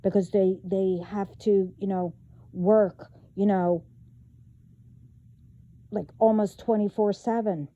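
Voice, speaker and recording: A woman vlogging in a casual monologue, talking haltingly with many fillers and trailing thoughts. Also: mid-range voice, steady tone, dark tone, highs cut off.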